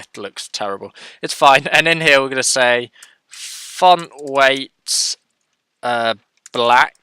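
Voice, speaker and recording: Male tutorial host, casual and self-correcting, dry close-mic sound, clear tone. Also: medium pitch, bright, forceful tone, no echo. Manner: thinks aloud, self-correcting, chatty. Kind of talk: casual screen-share coding tutorial.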